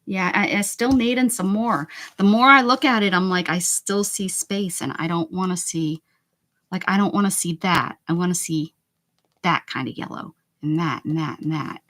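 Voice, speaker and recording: A woman's voice: on the low side, normal speed, fairly bright tone. Chatty woman live-streaming her art. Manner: chatty, talks to viewers in chat while working; playful, exclaims and jokes. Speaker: livestreaming art journal creator. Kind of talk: casual live-stream chat while crafting.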